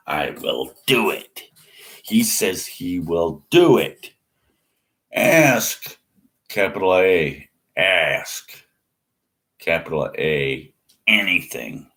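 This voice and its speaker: A man's voice: deep voice, a bit bright. A man ranting scornfully in a monologue, mocking and repeating himself. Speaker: atheist vlogger.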